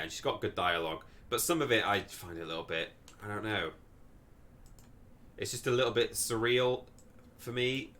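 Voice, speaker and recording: Bright-voiced man rambling on stream. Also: on the low side, slight background noise. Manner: rambling, thinking aloud, reading out viewer donations. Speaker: livestream host. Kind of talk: casual live-stream chat.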